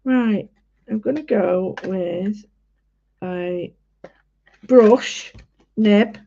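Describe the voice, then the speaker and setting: A woman talks slowly through a watercolour demo, chatty and full of little pauses and fillers. Her voice sits at a middling pitch. The recording is muffled and lo-fi. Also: gravelly, dark tone, a little hiss or hum. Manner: chatty, halting, many fillers. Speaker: art tutorial host. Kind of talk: casual painting demonstration. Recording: dull lo-fi home recording.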